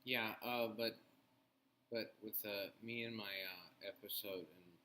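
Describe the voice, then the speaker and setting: A man's voice: on the low side, steady tone, bright, forceful tone, slight background noise. A man co-hosting a casual talk show, speaking hesitantly with lots of fillers. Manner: hesitant, halting, with many fillers. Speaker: podcast co-host. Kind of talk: casual chat.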